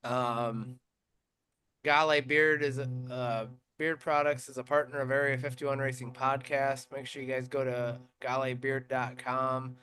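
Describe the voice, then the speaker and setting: A man's voice: mid-range voice, measured pace. A man hosting a racing podcast in casual chat. He tells stories animatedly and uses plenty of fillers. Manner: animated storytelling with many fillers. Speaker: podcast host.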